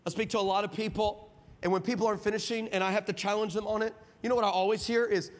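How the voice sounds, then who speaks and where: A man's voice: high voice, fairly even intonation, quick pace. A man from El Paso, a pastor preaching a sermon, telling stories animatedly, acting out dialogue, and building to emphatic points. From El Paso, Texas. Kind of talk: sermon with storytelling. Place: large hall with audience. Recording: reverberant hall.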